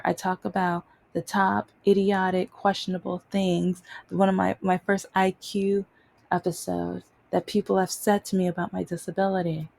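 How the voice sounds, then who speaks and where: A woman telling stories in a casual vlog, exasperated and animated, mocking the things people say to her. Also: medium pitch, gravelly, dry recording. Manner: animated, exasperated retelling with mocking quoted voices. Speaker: vlogger.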